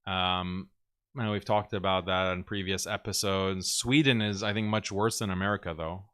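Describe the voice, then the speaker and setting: A man hosts a casual livestream, reading viewers' super chats aloud and answering them bluntly with strong opinions, laughing as he talks. He mocks critics by mimicking them in a sarcastic, higher pitch. His steady voice moves at a normal speed, with a fairly bright, clean tone.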